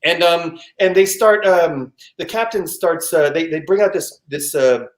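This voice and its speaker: A man recounts a personal story for a live storytelling show, his voice sitting a little high for a man. He talks in a rush of restarts and mouthed sound effects. The sound is echoey, as if from a bare room over a video call. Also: a little slow. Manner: animated, frequent restarts, vocal sound effects.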